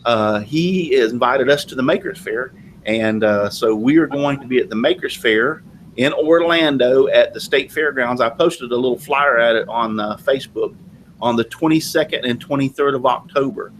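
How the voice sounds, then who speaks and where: Hosting a laid-back live video chat, this man from the American South speaks in a mid-range voice at normal speed. He rambles in a chatty way, full of fillers. The recording is low quality, with slight background noise.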